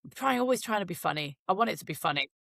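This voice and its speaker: A woman's voice: on the low side, expressive, very fast, vocal fry, fairly bright tone, no room sound. Middle-aged british woman chatting frank and jokey, swears a lot, dry close sound. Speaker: podcast guest, equestrian broadcaster. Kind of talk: candid conversational interview.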